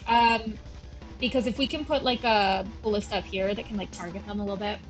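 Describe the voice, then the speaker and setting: A woman's voice: mid-range voice, steady tone, fairly quick, soft background music, poor audio. A young woman chatting casually and self-deprecatingly as she comments on a game she is playing at home, drifting off into tangents. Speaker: gaming channel host. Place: at home with her cats.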